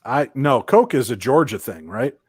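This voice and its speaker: A man's voice: mid-range voice, normal speed, slightly rough, dry recording, clean studio sound. A man from Chicago with a mixed Chicago and Minnesota accent, a paranormal investigator joking and telling stories as a guest. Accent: Chicago and Minnesota blend. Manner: joking, animated storyteller. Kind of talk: casual interview chat.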